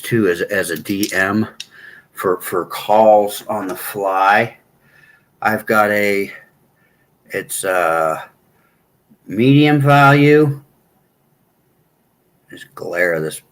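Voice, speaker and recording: Man, middle-aged, casual chat, slow, halting, throat clearing, bright tense tone. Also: lowish voice, low-quality recording. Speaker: streamer chatting with viewers. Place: hotel room.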